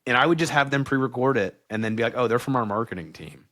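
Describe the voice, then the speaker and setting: A man's voice: mid-range voice, animated, fast, fairly bright tone. Candid man talking shop on a podcast. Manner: candid, blunt, casual with lots of "like". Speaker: guest. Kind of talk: casual podcast chat.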